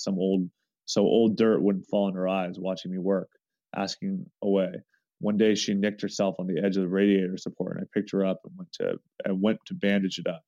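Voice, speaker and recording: A man with a low, mellow voice earnestly reads a first-person forum story aloud, frequently restarting mid-sentence. The recording is dry and close, with a dull, lo-fi tone.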